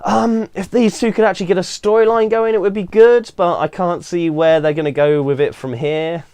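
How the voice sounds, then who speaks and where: A man's voice: high voice, steady tone, moderate pace, a little mellow, clean tone. A young British man giving a casual, opinionated recap of a wrestling show, full of ums and uhs. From Britain. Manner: chatty, opinionated, with frequent "um" and "uh".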